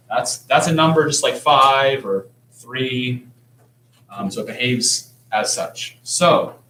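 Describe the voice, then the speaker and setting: Explaining calculus problems to his class, a math teacher stays casual, joking, and conversational. His voice is mid-range and a bit bright. The recording comes from a distant mic in an echoey classroom.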